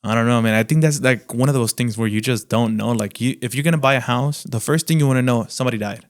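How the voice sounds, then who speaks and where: A man co-hosting a podcast in casual chat, easygoing and quick to agree. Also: medium pitch. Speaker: podcast co-host.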